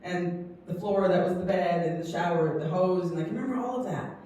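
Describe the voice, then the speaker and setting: A woman in her fifties from England, giving an earnest, emotional personal testimony as a guest speaker, with frequent laughs and halting restarts. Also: on the low side, mellow. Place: community hall. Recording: echoey hall, distant mic, faint noise.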